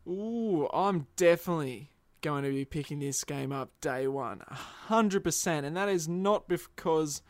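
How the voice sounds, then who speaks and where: A man, co-hosting a casual chat about video games, animated and jokey and quick to laugh. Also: on the high side, dry recording. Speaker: podcast co-host.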